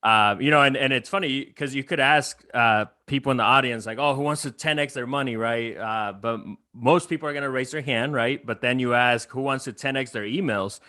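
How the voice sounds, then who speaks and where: A man hosting a podcast interview, speaking in an earnest, motivational way. His voice is bright and forward, and it is recorded close and dry. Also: medium pitch, brisk, few pauses, no echo. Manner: earnest, motivational, asks long questions. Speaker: podcast host. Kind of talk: interview host, casual conversation.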